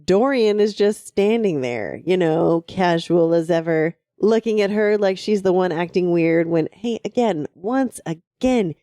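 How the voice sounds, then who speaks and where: A woman's voice: fairly low pitch, animated, a little slow, few pauses, dark tone, no room sound, clean studio sound. A woman co-hosting a book podcast, recapping the story in a gushing, laughing way. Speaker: podcast co-host. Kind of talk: casual book discussion.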